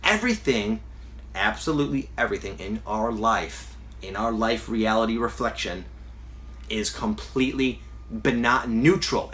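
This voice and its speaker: A man's voice: mid-range voice, fairly bright tone. A man giving a casual self-help talk as a spiritual coach, earnest and rambling, with frequent restarts.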